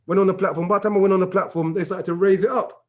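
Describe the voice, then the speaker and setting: A man's voice: high-pitched, fairly even intonation, very fast. A man in a casual group chat, animatedly telling a story and acting out the dialogue. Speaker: regular discussion member.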